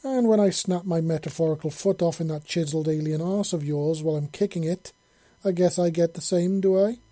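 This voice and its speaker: A wry older fisherman brags and teases in a jaunty, raised voice, as a male narrator puts him on. The tone is mellow and a little husky. It sounds dry and close, like a home storybook reading. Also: on the high side, brisk, no echo, voice pushed up, natural voice. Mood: cocky. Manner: jaunty and boastful.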